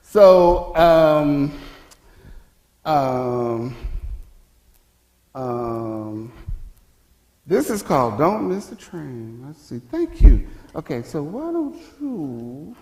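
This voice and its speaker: A man's voice: fairly high pitch, big pitch swings, very slow, pauses often, dark tone. A man presenting a conference workshop, chatty and joking, with loose restarts. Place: conference room. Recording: echoey conference room.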